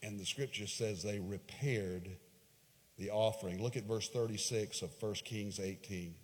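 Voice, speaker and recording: A man preaching a sermon, retelling a scripture story dramatically, swinging from hushed lines to loud, raised ones. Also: lowish voice, a little slow. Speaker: pastor. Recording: long hall reverb.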